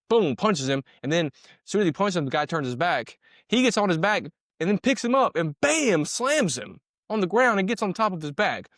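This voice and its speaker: His voice sits on the high side with a fairly bright tone, in clean studio sound with no room sound. The man breaks down police footage in a casual, slangy, conversational way, going back over his own words and punching in sound effects.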